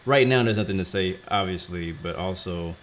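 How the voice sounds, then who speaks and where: A young man giving relaxed, chatty commentary while streaming a flight sim game, laughing easily. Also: deep voice, normal speed, a little hiss or hum. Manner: laid-back, chatty, laughs often. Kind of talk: casual gameplay commentary.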